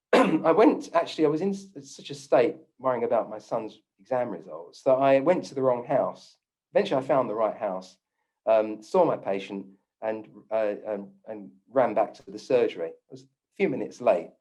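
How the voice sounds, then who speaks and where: A man's voice: mid-range voice, lively intonation, normal speed, darkish tone. A man giving a talk, telling a personal story and acting out the voices he quotes, with frequent ums and restarts.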